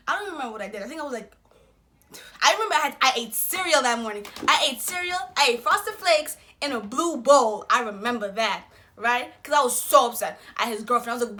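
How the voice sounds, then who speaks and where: A young woman vlogger telling a personal story in a casual, slangy, animated way, acting out what people said. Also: fairly high pitch, brisk, slight background noise. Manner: slangy, animated retelling with quoted voices.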